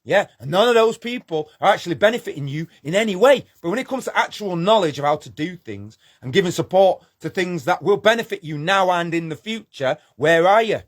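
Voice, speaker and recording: A man's voice: sits high, animated, brisk, few pauses. A man delivering a scornful, preachy monologue, firing rhetorical questions and repeating his points. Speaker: channel host. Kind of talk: impassioned monologue rant.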